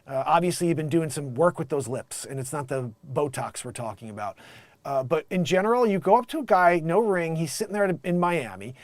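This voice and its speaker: A man hosting a casual comedic commentary show, animated and mocking, slipping into quick voices for the people he describes. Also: a little high, no echo. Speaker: host.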